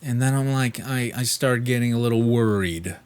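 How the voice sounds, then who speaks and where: A man, sick with a fever and clearing his throat, telling a profane, exasperated story in casual chat and mimicking the people he spoke to. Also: mid-range voice, moderate pace, a little mellow. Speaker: vlogger.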